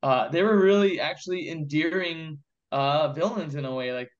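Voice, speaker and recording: A man with a slightly high voice hosts a casual film review chat, rambling and excitable. He swears freely as he goes. The recording sounds dull and lo-fi. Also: normal speed. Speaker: podcast host.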